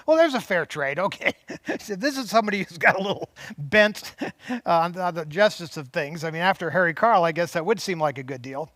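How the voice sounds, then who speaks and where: A man's voice: sits high, animated, fairly quick, a bit bright, dry recording. A man hosting a show, reading a memoir aloud on a lapel mic with chatty asides and commentary. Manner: chatty asides, frequent restarts and laughs. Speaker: host.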